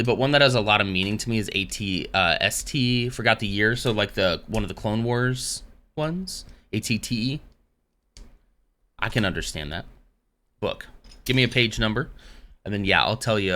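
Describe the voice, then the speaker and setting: Low-voiced man chatting on a livestream. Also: animated, moderate pace, bright, forceful tone. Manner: rambling, tells dad jokes. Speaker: livestream host. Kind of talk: casual live stream chat.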